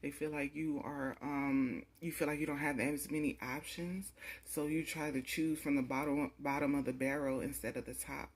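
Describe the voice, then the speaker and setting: A woman's voice: low-pitched, steady tone, normal speed, slightly rough. A young woman doing a casual pick-a-card tarot reading, talking bluntly and with a lot of cursing straight to the viewer. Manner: blunt, profane, repetitive, talks straight to the viewer.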